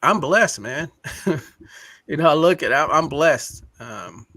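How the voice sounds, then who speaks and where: A man's voice: a little high, expressive, takes it slowly, pushed and bright, no echo. A man co-hosting a live online talk show, speaking in a heartfelt, rambling way and getting emotional. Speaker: co-host. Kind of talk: casual chat.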